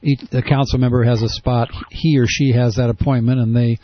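A male radio host interviewing a guest by phone, asking probing, wry questions with halting restarts. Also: medium pitch, level tone, slight background noise. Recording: muffled dry radio audio.

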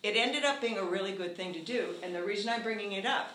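An older man telling a housing story at a community meeting, animated, earnest and wry. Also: sits high, quick pace, a little hiss or hum. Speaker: housing activist speaker. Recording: echoey room.

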